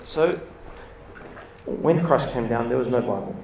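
A man's voice: medium pitch, animated, a little slow, vocal fry, darkish tone, a little hiss or hum. A man giving an informal sermon, chatty and storytelling, laughing between points. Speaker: church speaker. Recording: echoey room, mic from a distance, faint ambience.

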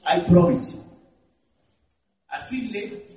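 A man's voice: high-pitched, lively intonation, takes it slowly, a little mellow. A man with an Egyptian Arabic accent, Arabic-speaking by birth, preaching an interactive sermon, asking the listeners questions and switching between English and Arabic. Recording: echoey hall from far off.

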